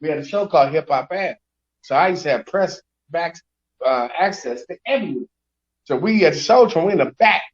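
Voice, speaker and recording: Guy host spinning wild stories, kinda high voice, slangy, slightly muffled recording. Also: brisk. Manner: animated storyteller, raunchy slang, acts out quotes. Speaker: show host. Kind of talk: casual storytelling chat.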